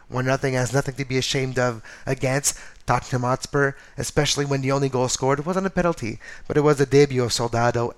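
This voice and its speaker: A man hosting a casual solo soccer podcast, animated and jokey, correcting himself as he goes. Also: medium pitch. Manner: animated, excitable, jokey asides and self-corrections. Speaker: podcast host.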